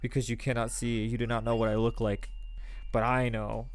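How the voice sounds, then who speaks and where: A man voicing a composed female servant telling a tale in a measured, formal way. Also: mid-range voice, little pitch movement, slight background noise, pitched below the performer's own voice, lightly acted.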